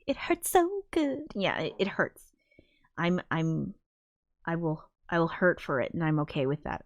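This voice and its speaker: A woman with a mid-range voice, a livestreamer and film composer, chats casually and emotionally while reading viewer comments. She rambles with many fillers and swears frankly and often, recorded in a studio with no echo.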